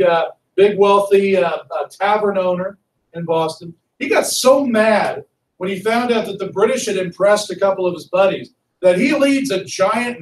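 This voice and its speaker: A male history teacher lecturing a class in a lively, conversational way and asking students questions. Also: high-pitched. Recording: echoey classroom from far off.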